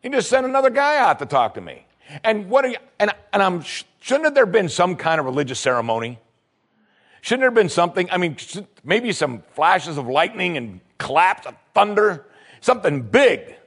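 A man voicing a proud, offended general who expected grand treatment, talking fast and stumbling with indignation. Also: sits high, big pitch swings, a bit bright, voice pushed up, full character voice. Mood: indignant. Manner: indignant, quick, stumbling over words.

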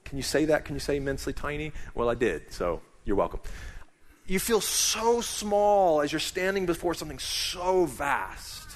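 A man's voice: on the high side, sing-song, unhurried, big-room sound. A middle-aged man preaching a sermon as pastor, conversational and emphatic.

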